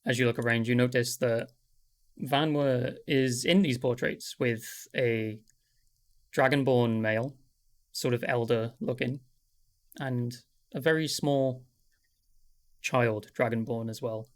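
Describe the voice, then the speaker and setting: Relaxed man narrating as game master. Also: mid-range voice, slow, pauses often. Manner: relaxed, descriptive, many fillers.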